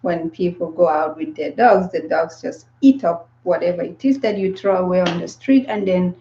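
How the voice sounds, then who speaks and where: Soft-spoken woman in casual chat. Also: on the low side, moderate pace. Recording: echoey room, dull lo-fi sound, faint noise.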